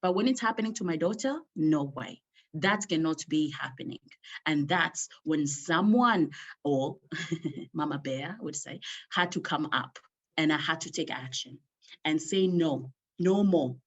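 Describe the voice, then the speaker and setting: A woman telling a personal story at an online rally, emotional and emphatic, slowing down to stress key words. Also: low voice, muffled recording.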